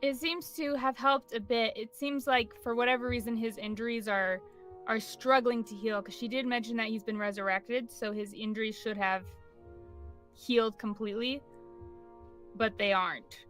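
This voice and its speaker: Bright-voiced woman game master. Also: on the high side, fairly even intonation, moderate pace, soft background music. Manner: laughs often and describes scenes with many fillers. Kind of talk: narrating a tabletop game.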